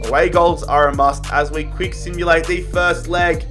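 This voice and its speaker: A young man giving casual gameplay commentary, excitable, swearing freely and calling his viewers lads. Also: fairly high pitch, normal speed, faint music behind. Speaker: gaming YouTuber.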